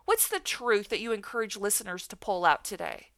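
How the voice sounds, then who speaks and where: A middle-aged woman hosting a devotional talk, asking warm, earnest questions. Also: mid-range voice, big pitch swings, a little fast, dry recording, clean studio sound. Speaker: host. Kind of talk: devotional podcast interview.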